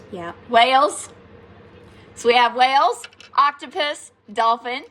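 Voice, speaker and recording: This tarot reader's voice sits high and sounds a bit bright. Chatting through a playful spiritual reading for her viewers, she laughs a lot and drops the occasional mild swear.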